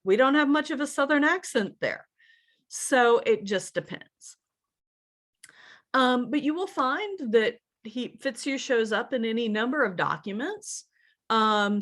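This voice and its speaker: A woman's voice: a little high, fairly bright tone. A woman from Virginia's Shenandoah Valley giving a casual genealogy lesson, chatty and hesitant, spelling out names letter by letter. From central Shenandoah Valley, Virginia. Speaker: genealogy instructor.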